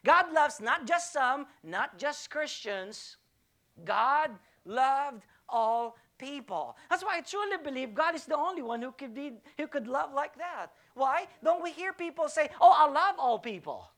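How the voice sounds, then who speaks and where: A woman's voice: sits high, expressive, measured pace, fairly bright tone. A woman pastor preaching a sermon to her church, emphatic and repetitive, asking the congregation rhetorical questions.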